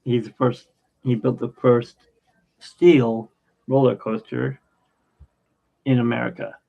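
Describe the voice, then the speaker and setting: A man in his fifties hosting a podcast, rambling through anecdotes in a casual, halting way with many fillers. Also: medium pitch, level tone, gravelly, warm tone. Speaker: podcast host. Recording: dull lo-fi sound.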